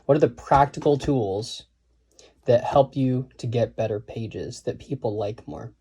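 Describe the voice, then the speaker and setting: A man's voice: mid-range voice, measured pace, mellow, breathy edge. A man giving a casual, digressive lesson on writing, thinking aloud and reciting quotes and lines of verse. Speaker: writing teacher.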